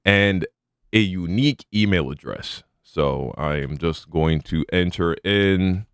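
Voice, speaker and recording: A male reaction video host talking casually, sardonic at times and earnest at others. His voice is very low. The recording is dry and close, with no room sound. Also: slow pace, smooth, dry recording. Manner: sardonic, then earnest and pleading. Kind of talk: casual commentary.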